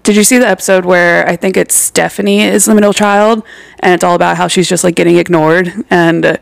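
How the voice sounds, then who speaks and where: Gravelly young woman podcast guest. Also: fairly low pitch, level tone, fairly quick, dry recording. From Maryland, near Baltimore. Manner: dry, self-deprecating, giggly. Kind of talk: casual comedy podcast chat.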